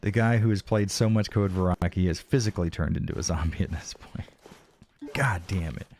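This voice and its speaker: A man's voice: sits low, fast, warm tone, slight background noise. A man streaming a game live, frustrated and swearing as he chats with viewers and thanks donors, his voice starting to wear out. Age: adult. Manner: frustrated, swearing, talking to chat. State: voice starting to go hoarse. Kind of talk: live gameplay stream chat.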